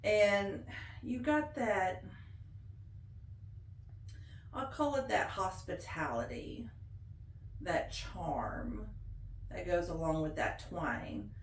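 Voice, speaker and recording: A woman's voice: lowish voice, expressive, a little hiss or hum. A woman in her forties with a blended Appalachian and Ozark accent, speaking in a homey, folksy way in an oral history interview. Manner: slow, homey and folksy with laughs. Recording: roomy echo.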